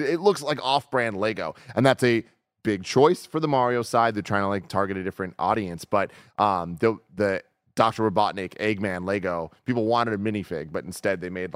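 A man in his thirties co-hosting a video game news show in casual chat, animated and jumping up into excited peaks. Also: fairly low pitch, normal speed, no room sound, clean studio sound.

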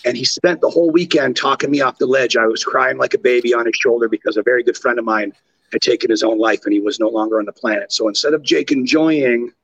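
Casting note: Canadian man, husky gravelly voice, lively storyteller with a dull lo-fi sound. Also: medium pitch, fast talker, dry recording. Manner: animated, profane, jumps into impressions. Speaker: podcast guest, former wrestler. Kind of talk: casual storytelling.

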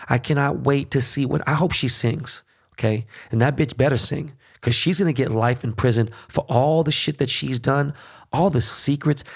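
A man's voice: mid-range voice, vocal fry, husky. A man hosting a podcast, in a heated, profane political rant with frequent "okay?" check-ins. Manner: heated, swearing constantly, repeats "okay?". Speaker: podcast host.

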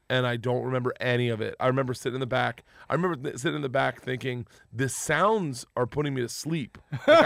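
A man's voice: medium pitch, vocal fry, no room sound, clean studio sound. A man from Florida telling a long story in casual chat, swearing freely and laughing through his words with frequent restarts. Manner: profane, laughing, animated with many restarts.

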